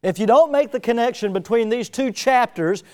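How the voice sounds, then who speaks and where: A male preacher delivering a sermon, swinging between loud, emphatic declarations and quiet, lowered asides. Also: normal speed.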